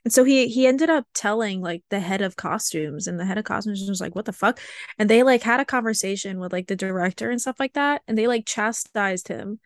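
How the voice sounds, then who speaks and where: A young woman in her twenties talks casually with a friend on a podcast. She tells stories in an animated, chatty way with lots of fillers. Her voice sits at a middle pitch, and the recording is dry and close. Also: a little fast, hardly any pauses, no room sound. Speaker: podcast co-host. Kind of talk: casual chat.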